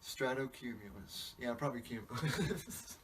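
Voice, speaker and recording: Unhurried and medium-pitched, a man hosts a podcast with a meandering comic monologue full of profanity and self-interruptions. A faint hiss sits behind the distant-mic recording.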